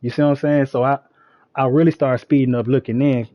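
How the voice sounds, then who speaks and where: A man on a live stream, telling a story in an animated, slangy way with lots of "you know what I'm saying.". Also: mid-range voice, fairly quick, no room sound, highs cut off. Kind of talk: casual storytelling.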